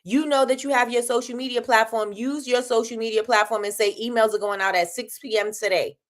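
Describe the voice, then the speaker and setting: Lively laughing woman host. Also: a little high, a little fast. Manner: lively, laughs often, talks straight to viewers with slang. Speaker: host of a small-business livestream. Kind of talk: casual advice chat to live viewers.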